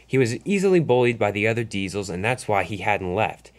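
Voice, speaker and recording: A man's voice: lowish voice, sing-song, a little fast. A man casually narrating a toy train story, loose and unscripted, with frequent restarts.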